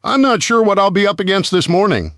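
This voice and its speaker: A man's voice: high-pitched, sing-song, fairly quick, a bit bright, dry recording, clean studio sound, pitched above the performer's own voice. Man doing an earnest, worried young woman scientist. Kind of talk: audiobook character voice.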